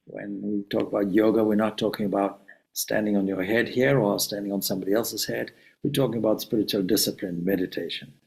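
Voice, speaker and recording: A man's voice: mid-range voice, gravelly, darkish tone, rough recording. A man, a swami, giving a reflective spiritual talk and telling a story with asides.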